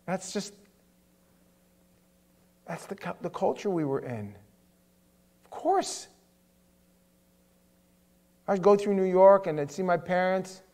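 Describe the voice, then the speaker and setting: A man pastor preaching a sermon in a chatty, animated way, swinging from soft asides to loud emphasis. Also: high voice, takes it slowly, long pauses. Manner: conversational, with filler words.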